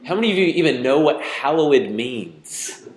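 A man's voice: a little high, lively intonation, moderate pace. A man, preaching a sermon in a conversational way and teasing the congregation with questions. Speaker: pastor. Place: church hall with congregation. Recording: echoey church hall.

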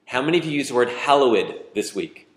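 A man's voice: mid-range voice, animated, a little fast. A man, preaching a sermon in a conversational way and teasing the congregation with questions. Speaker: pastor. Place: church hall with congregation. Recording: echoey church hall.

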